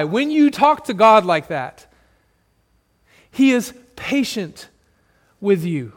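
A male pastor preaching a sermon to his church, shifting dramatically between loud emphasis and hushed, soft passages. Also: high-pitched, big pitch swings, slow pace, long pauses, in a large hall. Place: church sanctuary with congregation.

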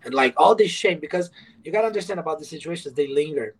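A man's voice: a little high, expressive, quick pace, husky, poor audio. A man who moved to the USA, telling his story as a podcast guest, frank and profane and acting out past dialogue. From moved to the USA from abroad. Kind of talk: candid interview storytelling.

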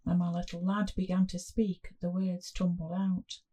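A woman reading a first-person story aloud in a slow, measured way. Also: on the low side, little pitch movement, dark tone, slightly rough.

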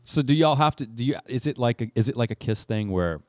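A man hosting a podcast, asking relaxed, curious questions in casual chat. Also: mid-range voice, fast talker, no echo, clean studio sound. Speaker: podcast host.

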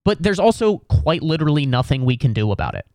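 A man's voice: on the high side, very animated, quick pace, warm tone, no room sound. A man of thirty hosting a podcast alone, ranting sarcastically and profanely about basketball, often slipping into mocking voices. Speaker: podcast host. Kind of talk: solo comedic sports rant.

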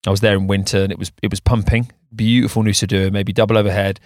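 A man's voice: lowish voice, little pitch movement, quick pace, a little mellow, no echo, clean studio sound. A man co-hosting a surf podcast, telling a story in a rambling way with frequent restarts. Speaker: podcast co-host. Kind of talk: casual chat.

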